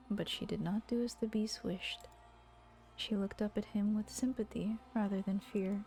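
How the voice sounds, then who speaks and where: A woman's voice: medium pitch, fairly even intonation, moderate pace, mellow, faint music behind. A young woman streamer narrating and chatting casually between voiced lines, with giggly, self-mocking asides. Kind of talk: voice-acting stream commentary.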